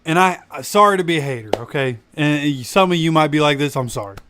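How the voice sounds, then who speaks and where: The fan channel host speaks a little fast in a fairly high, clear and resonant voice with a bit of brightness and lively intonation. He's ranting animatedly on a casual livestream, preaching at viewers, his voice not fully recovered from losing it.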